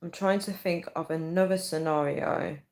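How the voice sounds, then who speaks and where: A woman's voice: lowish voice, fairly even intonation, moderate pace, a little mellow, rough recording. A woman in her thirties hosting a casual livestream, rambling chattily and often calling her viewers "guys.". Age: 30s. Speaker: livestream host.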